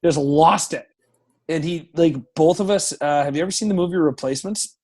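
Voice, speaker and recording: Male guest, thirties, a hockey goalie telling stories, higher pitch, swears a lot, acts out the shouting, lively. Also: fairly quick. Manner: profane, animated storyteller who acts out shouting. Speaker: professional hockey goaltender, podcast guest. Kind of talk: casual storytelling interview.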